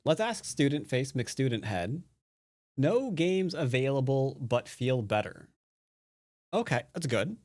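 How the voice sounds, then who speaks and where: In a slow, sing-song, slightly mellow voice of medium pitch, the Go teacher narrates his live-streamed game. Recorded dry and clean in a studio, he rambles, cracks wry jokes to himself, and often trails off muttering.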